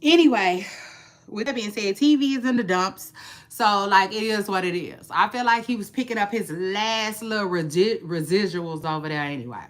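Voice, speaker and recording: A woman's voice: mid-range voice, normal speed. A woman vlogger chatting casually about celebrity gossip, repeating phrases and drawling her asides.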